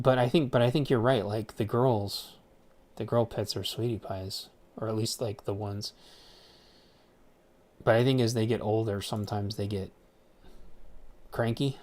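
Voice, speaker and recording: A man with a slightly low voice talks in a loose, rambling rant. He swears freely and stumbles through repeated words and restarts, circling back to his points. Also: darkish tone. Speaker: streamer. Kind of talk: casual rant.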